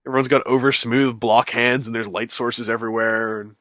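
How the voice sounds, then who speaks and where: A man's voice: medium pitch, flat delivery, brisk, fairly bright tone, no room sound. A man hosting a casual podcast chat, rambling and self-mocking with dry sarcasm. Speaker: podcast host.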